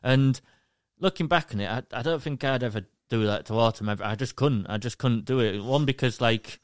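A man's voice: mid-range voice, brisk, dry recording, clean studio sound. A young man, chatting casually on a podcast and rambling with lots of fillers. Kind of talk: casual chat.

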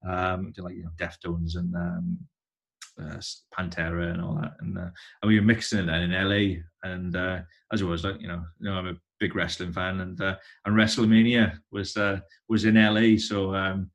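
Low-voiced man telling rambling stories. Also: little pitch movement. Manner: rambling, halting, many restarts. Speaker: touring musician, guest. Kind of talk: casual conversation.

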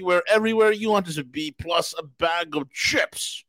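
Host: adult man, higher-pitched voice, dry booth sound, brash and profane rambler. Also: moderate pace, hardly any pauses, fairly bright tone, dry recording. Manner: boisterous, profane, rambling banter. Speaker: podcast host. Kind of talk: casual political talk show.

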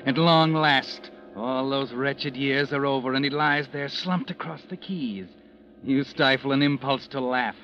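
An actor playing a sly, knowing narrator of a 1940s radio mystery who speaks straight to the heroine. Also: male voice, mid-range voice, a little slow, lo-fi sound, close to an everyday voice. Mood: insinuating. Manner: insinuating, knowing, addresses the listener as you. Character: sly, all-seeing male narrator of a mystery show. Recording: old radio recording with music behind.

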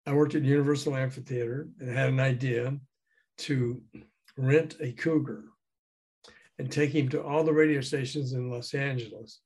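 An older man, a guest in an interview, telling animated anecdotes with chuckles and acting out quoted dialogue. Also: mid-range voice, moderate pace, slightly rough. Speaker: guest, former record promotion man. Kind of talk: casual storytelling interview.

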